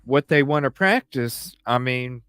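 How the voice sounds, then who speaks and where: Animated Southern man hosting a podcast. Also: mid-range voice, measured pace, clear, resonant tone, dry recording, faint music behind. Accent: Southern American. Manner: animated, laughing, playful swearing. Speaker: podcast host. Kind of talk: casual podcast chat. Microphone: studio mic.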